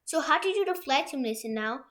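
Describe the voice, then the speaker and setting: Young woman with a high voice walking through a software tutorial at home, kinda rambly, lots of um and restarts. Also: expressive, quick pace. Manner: rambling, many restarts and fillers. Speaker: tutorial host. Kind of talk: screen-share software tutorial. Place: room at home with a printer.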